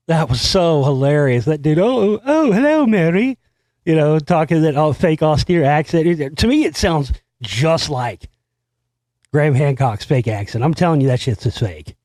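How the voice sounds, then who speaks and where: A man's voice: on the high side, darkish tone, no room sound. An American man hosting a casual solo talk show, rambling and profane, laughing at his own stories. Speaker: host.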